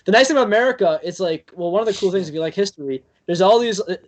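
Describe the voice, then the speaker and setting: A young man, a podcast guest, telling stories in a rambling, animated way full of fillers. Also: high voice. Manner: rambling, filler-heavy, animated with quick bursts. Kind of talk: casual storytelling chat.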